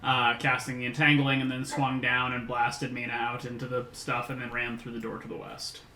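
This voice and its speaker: A man's voice: medium pitch, completely flat delivery, normal speed, pushed and bright. A man running a tabletop game as game master, casually walking the players through the map. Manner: casual, explaining the map step by step. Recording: echoey room, some background noise.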